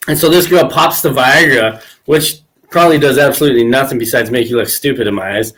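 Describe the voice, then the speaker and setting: A man's voice: medium pitch, a little fast, a bit bright. A man hosting a podcast, telling crude stories in casual chat and laughing often. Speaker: podcast host.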